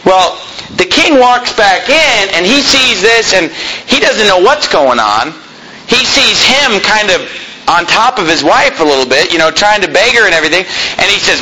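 A man's voice: high voice, moderate pace, poor audio. A male preacher retelling a story in a conversational sermon, with frequent asides. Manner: animated, conversational, many asides.

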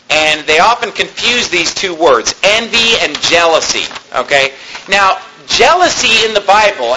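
Bright, high-voiced preacher man. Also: a little hiss or hum, rough recording. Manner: conversational preaching, rises emphatically on key points. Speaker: pastor. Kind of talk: sermon.

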